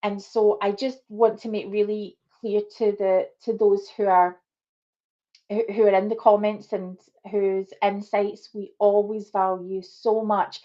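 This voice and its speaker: A woman hosting a livestream discussion, speaking earnestly and deliberately to her guests and viewers over a video call. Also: mid-range voice, level tone, dark tone, lo-fi sound. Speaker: host.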